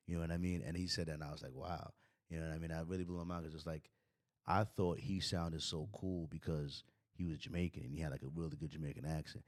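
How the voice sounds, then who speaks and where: A man's voice: rumbling low, flat delivery, quick pace, dry recording, clean studio sound. A man in his thirties with a Brooklyn accent, telling stories as a podcast host in loose, rambling casual chat. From United States. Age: 30s. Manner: rambling storyteller, lots of fillers.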